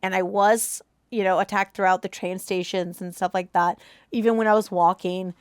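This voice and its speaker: A woman co-hosting a movie reaction, telling a personal story in casual chat, animated and emotional, acting out the voices of people she quotes. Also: mid-range voice, moderate pace, clear, resonant tone, no room sound, clean studio sound.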